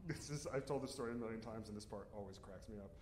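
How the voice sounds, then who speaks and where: A man's voice: lowish voice, quick pace, darkish tone, echoey room. A man telling a comic story on stage at a live storytelling show, laughing through his own lines.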